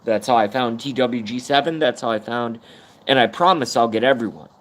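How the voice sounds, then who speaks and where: A man's voice: medium pitch, fairly quick, a bit bright. A man hosting his own live stream, talking in a blunt, profane, rambling monologue and holding back tears at times. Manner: profane, blunt and swings between energy and fighting tears. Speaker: YouTube livestream host.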